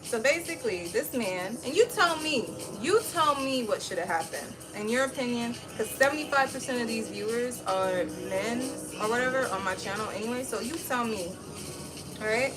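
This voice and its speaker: Woman, thirties, livestream host, high voice, blunt animated venting, casual, faint music behind. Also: moderate pace, poor audio. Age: 30s. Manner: blunt, animated storytelling with swearing.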